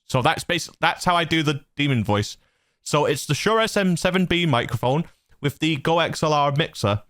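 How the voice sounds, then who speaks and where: A man's voice: fairly high pitch, expressive, normal speed, fairly bright tone, no echo. Male channel host, casual rambling tutorial on a dynamic studio mic, dry sound. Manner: loose and rambling, lots of fillers and restarts. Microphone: dynamic studio mic through a mixer.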